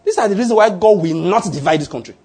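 A man, preaching a slow, emphatic sermon to a congregation as pastor. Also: sits high, expressive, a little mellow.

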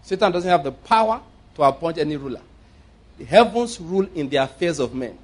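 Middle-aged Nigerian preacher, slightly high voice, storytelling sermon, loud points then quiet asides. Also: male voice, expressive, a little fast. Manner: anecdotal, swings between loud emphasis and quiet asides.

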